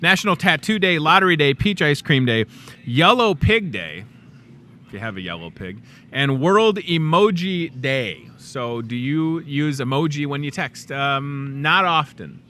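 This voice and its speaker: A man's voice: on the high side, big pitch swings, a little slow, sharp tone, a little hiss or hum. A middle-aged man with a Midwestern accent hosting a casual, jokey talk show from a grocery store aisle, upbeat and chatty. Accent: Midwestern American. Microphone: clip-on lapel mic.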